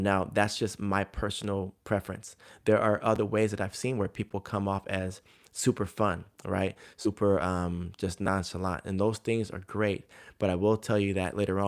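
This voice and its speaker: Male coach, lowish voice, relaxed storytelling advice with lots of fillers. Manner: conversational, filler-heavy storytelling. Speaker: jump coach. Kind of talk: casual advice talk to coaches.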